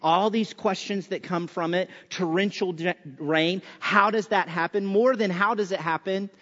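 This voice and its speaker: A man's voice: high-pitched, steady tone, moderate pace, a bit bright. Man preaching in an echoing chapel. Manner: conversational, punchy rhetorical questions with sarcastic asides. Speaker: chapel speaker. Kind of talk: sermon. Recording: reverberant hall, dull sound.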